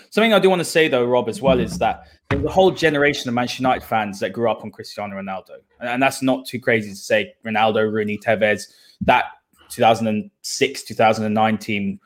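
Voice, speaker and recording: A young man in his twenties hosts a football podcast at a brisk clip. He speaks with fervent emotion and restless energy, in a middle-pitched voice. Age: 20s. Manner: fervent, emotional, fast-talking. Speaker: podcast host.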